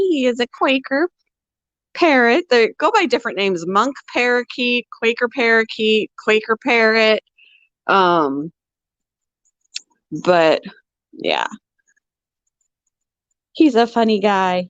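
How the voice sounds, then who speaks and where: A woman hosting a casual pet livestream at home. She talks softly, sometimes in a whisper, and coos at her animals in baby talk. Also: a little high, expressive, slow, pauses often, no room sound, muffled recording. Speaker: pet channel host.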